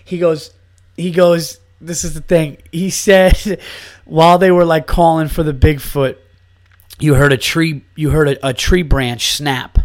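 A man's voice: fairly high pitch, steady tone, a little slow. A man hosting his own podcast as a comedian, ranting in a casual, incredulous way and swearing often.

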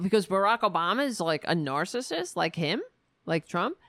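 A woman's voice: lowish voice, sing-song, moderate pace, a bit bright, dry recording. A woman hosting a political commentary show, ranting in a sarcastic, profane, exasperated way.

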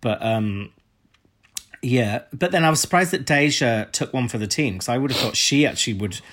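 A man's voice: mid-range voice, lively intonation, normal speed, fairly bright tone. A man co-hosting a podcast, chatting casually and swearing now and then. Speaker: podcast co-host. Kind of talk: casual chat.

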